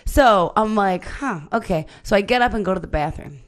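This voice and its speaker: A woman co-host chatting on a podcast and recounting a night out. Her pitch swings widely as she tells it, and she swears freely and casually. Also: fairly quick. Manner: animated storytelling, swears freely. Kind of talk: casual chat.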